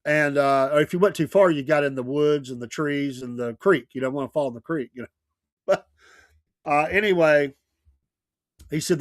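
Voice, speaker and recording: A man's voice: fairly high pitch, normal speed, pauses often, dry recording, studio quality. A middle-aged man hosting a radio show, telling neighborhood stories in a casual way and laughing often. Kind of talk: casual storytelling chat.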